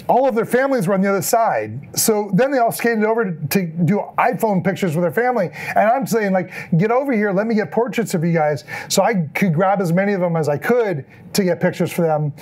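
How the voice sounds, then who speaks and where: A middle-aged man giving a storytelling talk as an event photographer, acting out the lines people said. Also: sits high. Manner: animated, acts out quoted lines in the story. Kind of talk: storytelling presentation.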